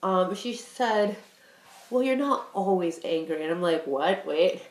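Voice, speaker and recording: A woman's voice: medium pitch, expressive, a little slow, roomy sound. A woman in her twenties talking candidly and rambling about her own feelings, with many fillers. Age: 20s. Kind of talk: casual personal talk.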